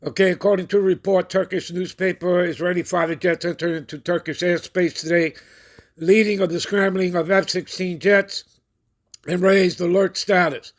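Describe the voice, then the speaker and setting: A man's voice: high-pitched, steady tone. A man hosting a prophecy channel, reading news reports and scripture aloud and commenting on them. He keeps checking in with his listeners and stops now and then to look things up. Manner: checks in with listeners constantly ("all right?", "okay?"); pauses while looking things up.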